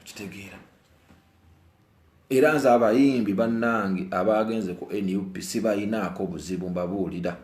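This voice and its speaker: A Ugandan man with a darkish tone talks at normal speed, giving his opinions in an offhand monologue recorded in an echoey room. He repeats phrases for emphasis, alternating between low brooding and heated flare-ups.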